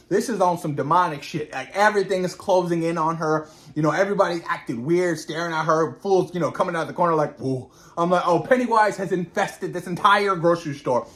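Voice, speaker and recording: A man recapping a horror episode in an animated, slangy way, often repeating words for emphasis. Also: on the high side. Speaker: show reviewer. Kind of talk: reaction recap.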